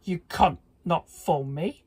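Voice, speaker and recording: A storybook reader voicing the Big Bad Wolf, a boastful, hungry wolf father who gloats in loud bursts. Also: medium pitch, slow pace, slightly rough, full character voice. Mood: gloating.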